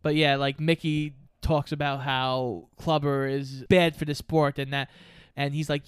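A man co-hosting a casual podcast chat, retelling movie scenes in an animated way, acting out the quotes and swearing freely. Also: a little high, a little slow, few pauses, clear, resonant tone, no echo, clean studio sound. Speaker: podcast co-host.

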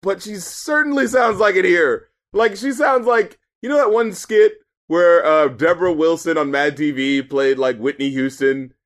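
A man co-hosting a podcast, chatting casually and swearing through animated, incredulous rants about an album. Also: high voice, normal speed, hardly any pauses. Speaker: podcast co-host reviewing albums. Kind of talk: casual chat.

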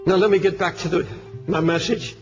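Impassioned high-voiced preacher. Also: male voice, steady tone, brisk. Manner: impassioned, rhetorical questions, swings from loud to hushed. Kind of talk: sermon. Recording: dull lo-fi archive sermon recording with faint music.

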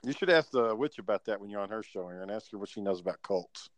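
A man's voice: fairly low pitch, animated, quick pace, no echo. A man co-hosting a podcast in casual chat, laid-back and rambling, swearing freely. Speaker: podcast co-host.

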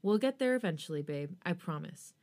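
A woman voicing a tender young husband who speaks softly and reassuringly to his wife, in a read-aloud story. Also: fairly low pitch, expressive, a little fast. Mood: gentle. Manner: soft, soothing, coaxing delivery.

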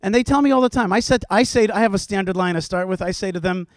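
A man's voice: high-pitched, steady tone, fast talker, few pauses, no room sound, clean studio sound. A man, a rabbi on a panel, arguing passionately in front of a live audience, firing off rhetorical questions between frequent "uh" fillers. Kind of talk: impassioned panel argument. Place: stage before a live audience.

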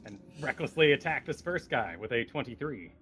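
A man's voice: mid-range voice, normal speed, slight background noise. A man playing a tabletop game, speaking eagerly about his character's attacks. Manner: eager, animated. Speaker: player.

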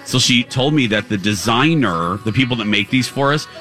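A man's voice: mid-range voice, lively intonation, normal speed, sharp tone, faint music behind. A man hosting a live morning radio talk show from a fair booth, upbeat and chatty with frequent fillers.

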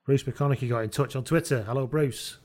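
A man's voice: medium pitch, a little fast, a little mellow. A man co-hosting a rugby podcast, joking and laughing often. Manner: jokey, laughs often, does mock voices. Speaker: podcast co-host. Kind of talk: casual chat about rugby.

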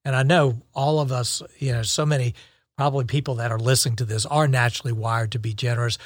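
A man talks through ideas on a podcast in a steady, middle-pitched voice, reflective and encouraging, pausing and restarting as he thinks. The recording is dry and close, with no room sound. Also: dry recording. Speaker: podcast co-host. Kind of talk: casual podcast chat.

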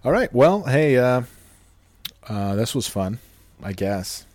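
A man's voice: medium pitch, very animated, slow pace, a little mellow, dry recording. A man co-hosting a podcast in crude, rambling casual chat, laughing at his own jokes. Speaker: podcast co-host.

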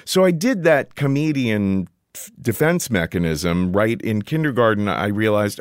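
Lively storytelling man, low voice. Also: normal speed, clear, resonant tone, no echo, studio quality. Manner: animated, jumps in pitch when quoting himself. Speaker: podcast guest. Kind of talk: casual storytelling conversation.

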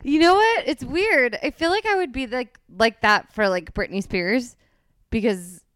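A woman's voice: fairly high pitch, animated, a little slow, fairly bright tone, no room sound, clean studio sound. A woman hosting a podcast, chatting casually with lots of filler words and frequent laughter. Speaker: podcast host. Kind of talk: casual chat.

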